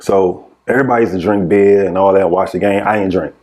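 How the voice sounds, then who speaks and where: A man's voice: deep voice, fairly even intonation, quick pace, a little mellow. A man guest on a podcast, telling old basketball stories in a casual way and laughing through them. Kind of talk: casual storytelling.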